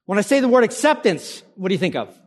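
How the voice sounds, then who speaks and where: A man's voice: high-pitched, sing-song, fast talker. A man preaching a sermon as pastor, asking the congregation to call out answers. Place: church hall. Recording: long church hall reverb.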